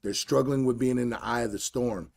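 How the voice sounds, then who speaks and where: A man hosting a solo podcast, telling a coaching story in a blunt, animated, slangy way. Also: mid-range voice, a little fast, vocal fry. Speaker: podcast host and fight coach.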